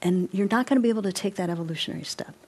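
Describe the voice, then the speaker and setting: A woman presenting a live workshop, animated, guiding listeners through movements and often checking in with them. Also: medium pitch, rapid-fire, husky. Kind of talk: live interactive workshop talk.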